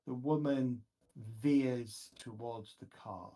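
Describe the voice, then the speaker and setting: A man narrates a horror tabletop game at a slow, deliberate pace. His voice is soft and mellow. Faint music plays quietly behind him. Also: medium pitch, rough recording. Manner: slow, measured scene narration. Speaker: game master.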